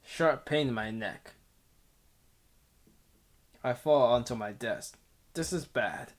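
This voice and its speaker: A man reading a visual novel aloud at an unhurried, drawn-out pace, breaking into laughter and side remarks. His voice sits in a middling range and the reading stays casual. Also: mid-range voice. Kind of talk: casual game playthrough narration.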